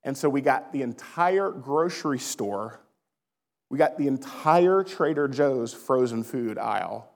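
Gravelly preacher in a reverberant hall. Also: male voice, medium pitch, unhurried. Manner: storytelling, animated, addresses listeners as guys. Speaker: pastor. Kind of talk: sermon.

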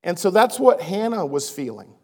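A man's voice: sits high, moderate pace. A man in his thirties preaching a sermon, telling stories and calling his listeners guys. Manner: storytelling, animated, addresses listeners as guys. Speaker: pastor. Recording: long reverb of a hall.

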